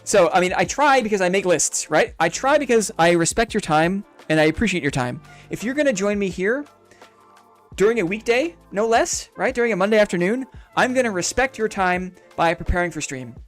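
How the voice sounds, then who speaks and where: A man's voice: sits high, animated, a little fast, soft background music. A man chatting casually on a live game stream, upbeat and reflective, rambling through his thoughts in a friendly way.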